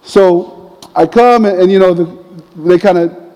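A middle-aged man telling a personal story in a lively, casual way, laughing often. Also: high voice, a little slow. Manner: animated, laughs often, uses casual fillers. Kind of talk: storytelling talk. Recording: long reverb of a large hall.

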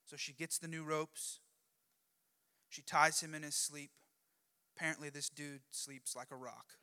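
A lively preacher with a high, bright, forceful voice, telling a story in a conversational, jokey way. His words ring out with a long hall reverb behind them. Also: a little slow, smooth. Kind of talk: sermon storytelling.

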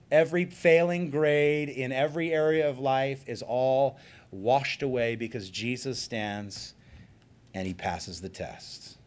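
Man preaching an earnest sermon. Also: medium pitch. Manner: earnest, emphatic preaching with slowed stresses. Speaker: pastor.

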